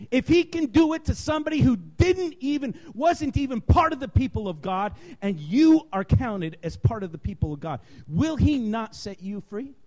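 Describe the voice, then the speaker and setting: A man preaching a sermon, impassioned and emphatic, at times raising his voice to a shout. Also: extremely high pitch.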